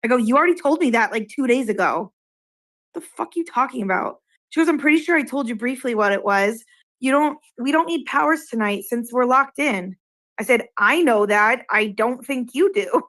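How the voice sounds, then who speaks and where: A woman's voice: fairly high pitch, animated, normal speed, fairly bright tone. A woman from Massachusetts, a regular on the show, casually retelling an argument from an online game, quoting back and forth and swearing. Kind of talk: casual chat, storytelling.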